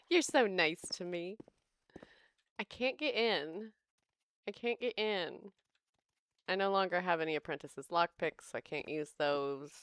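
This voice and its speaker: A woman's voice: lowish voice, a bit bright. Giggly American woman streaming a game. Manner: chatty, laughs often, talks to chat. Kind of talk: casual live-stream chat while playing.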